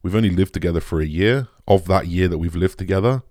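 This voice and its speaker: A young man speaks in a very low, deep voice, recorded dry and close with no room sound. He talks candidly to his audience, emotionally shaken, halting and restarting his sentences and swearing freely. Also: a little mellow, dry recording. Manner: raw, halting, swears often, many restarts and trailing off. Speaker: vlogger. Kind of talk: candid personal talk to camera.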